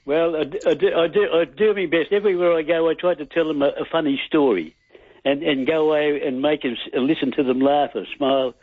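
A man calling in to a radio show, husky and rambling, stumbling over his words through a tinny phone line. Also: a little high, fairly even intonation, brisk, no echo. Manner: rambling, many restarts and stammers. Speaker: caller. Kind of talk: phone-in chat and joke telling.

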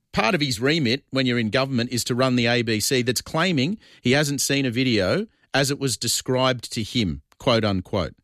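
Blunt Australian talkback radio host. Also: male voice, mid-range voice, a bit bright, no room sound, studio quality. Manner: blunt, combative.

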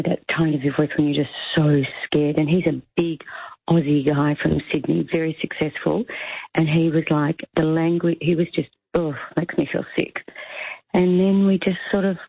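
A woman phones in to a radio show, her gravelly, husky voice sitting a little low. She tells her story in an emotional, rambling way over a thin, tinny phone line. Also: no room sound. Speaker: caller. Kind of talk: phone-in recollection.

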